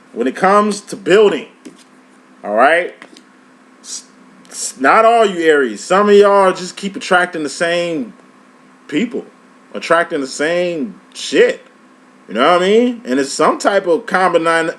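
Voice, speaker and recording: A tarot reader delivers a casual reading loaded with streetwise slang, swearing and speaking emphatically. He's animated, his pitch jumping up and down.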